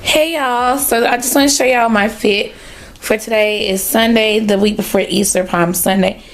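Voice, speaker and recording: A woman's voice: medium pitch, steady tone, normal speed, a little hiss or hum, low-quality recording. A young woman, chatting casually to her viewers in a vlog, a bit out of breath, recorded on a phone. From North Carolina, US. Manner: chatty, talks straight to viewers. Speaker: vlogger. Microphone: phone held at arm's length.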